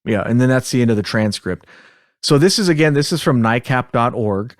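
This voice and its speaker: On a close mic with no echo, a male podcast host talks briskly and animatedly in a mid-range voice. He rambles through casual chat, chuckling and being a little self-deprecating.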